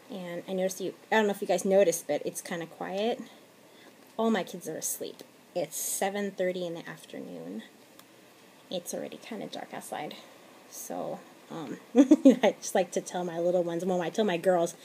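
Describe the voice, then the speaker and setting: A woman in her thirties, a mother, rambling casually through a craft tutorial at home at night, laughing often and dropping into quiet asides. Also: mid-range voice, normal speed. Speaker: crafting vlogger. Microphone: tablet camera.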